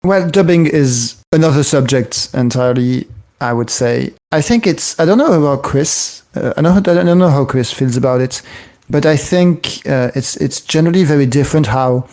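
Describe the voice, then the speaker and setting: A man's voice: a little high, normal speed, a little mellow. A man from France in a casual podcast discussion, thoughtful and searching for his words.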